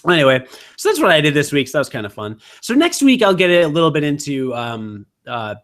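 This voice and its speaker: A man chats casually as a podcast co-host. His voice sits a little high, and he rambles and mocks himself, trailing off into fillers. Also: very animated, brisk, fairly bright tone. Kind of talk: casual chat.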